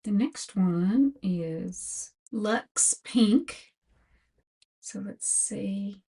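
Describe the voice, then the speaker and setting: A woman's voice: mid-range voice, lively intonation, warm tone, breathy edge. An older woman giving a chatty makeup tutorial as a beauty vlogger, talking through products one by one. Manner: slow, chatty product talk.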